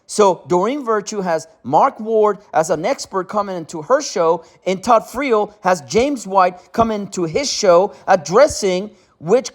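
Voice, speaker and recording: A man giving a ranting commentary, indignant and repetitive, often asking "okay?". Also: high-pitched. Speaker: channel host.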